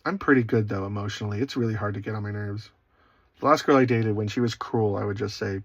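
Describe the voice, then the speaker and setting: A man speaking casually as an online Christian speaker, rambling, with self-deprecating humor and frequent quiet asides. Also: lowish voice, steady tone, fast, no room sound. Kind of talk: casual spoken reflection. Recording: dry, slightly dull recording.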